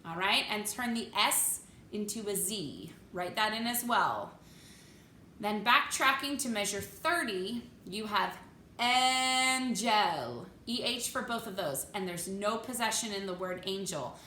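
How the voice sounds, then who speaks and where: A woman's voice: mid-range voice, unhurried, pushed and bright, reverberant, a little hiss or hum. A woman choir teacher giving a vocal lesson, coaching diction step by step and singing phrases for the class to copy. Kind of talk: vocal lesson with sung demonstrations.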